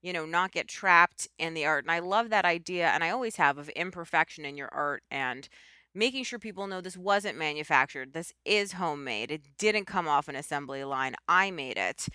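Female podcast host, lowish pitch, tense bright tone, chatty and rambling. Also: lively intonation, normal speed, smooth, no echo, studio quality. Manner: enthusiastic, rambling with asides. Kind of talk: casual chat.

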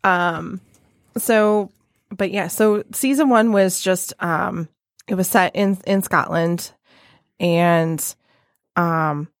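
A woman's voice: fairly low pitch, takes it slowly, no echo, studio quality. A woman co-hosting a podcast, chatting casually and rambling with many fillers and restarts. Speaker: podcast co-host. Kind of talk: casual chat.

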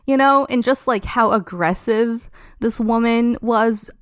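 A woman's voice: a little high, measured pace, clear, resonant tone, no echo, clean studio sound. A young woman casually telling a story on a podcast, chatty and full of "like". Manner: chatty, heavy use of "like" as a filler. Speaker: podcast guest.

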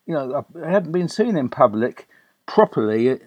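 A man's voice: a little high, big pitch swings, moderate pace, a little mellow, slightly rough, no room sound. An older man from England recounting a story in a chatty, anecdotal way, with fillers and restarts. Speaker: guest. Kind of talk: conversational storytelling.

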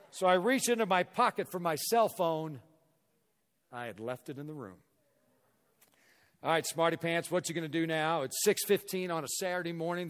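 A middle-aged man from Missouri giving a motivational talk to a hall audience, telling an animated story and acting out the dialogue. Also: a little high. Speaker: guest speaker. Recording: echoey hall reverb.

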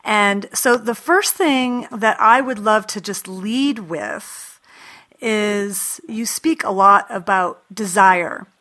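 An eager woman host leads the interview and winds through long, effusive questions. Her voice is bright and forward. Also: medium pitch, slow pace. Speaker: podcast host. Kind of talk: interview and scripted intro.

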